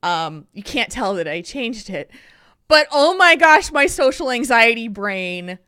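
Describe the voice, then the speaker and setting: A woman co-hosting a casual podcast chat, telling a story in an animated, self-deprecating way. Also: on the high side, measured pace, smooth, no room sound, clean studio sound. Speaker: podcast co-host.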